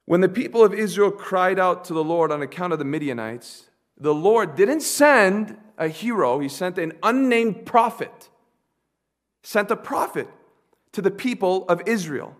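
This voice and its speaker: A man with a fairly high voice preaches a sermon. He asks the congregation questions and waits for their answers. He moves from soft, low asides to loud, emphatic declarations. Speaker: pastor.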